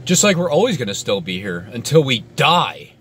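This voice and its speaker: Sarcastic man with a lively voice. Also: medium pitch, moderate pace, slight background noise. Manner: mocking, swinging between mock alarm and muttered asides. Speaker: video commentator. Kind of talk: sarcastic commentary vlog.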